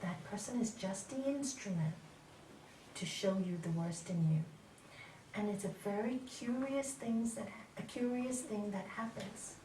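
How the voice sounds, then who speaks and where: A middle-aged woman giving an animated spiritual talk to an audience as a yoga teacher, asking questions and laughing often. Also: mid-range voice, unhurried, slight background noise. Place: lecture hall. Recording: roomy hall from far off.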